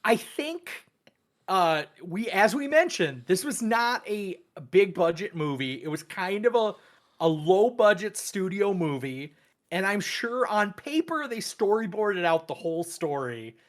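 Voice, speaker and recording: Slow, thoughtful man discussing a film. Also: sits high, sing-song. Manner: measured, thoughtful, hesitant. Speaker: podcast co-host. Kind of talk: casual movie discussion.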